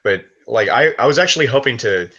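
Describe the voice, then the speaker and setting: A man's voice: medium pitch, animated, brisk, pushed and bright, dull audio. A young man chatting casually, blunt and profane, rambling with lots of "like" fillers. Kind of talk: casual chat.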